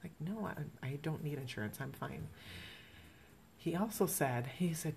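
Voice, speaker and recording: A middle-aged woman hosting a podcast, telling a personal story in an emotional, halting way with many restarts. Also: sits low, expressive, creaky, a crowd in the background. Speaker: podcast host.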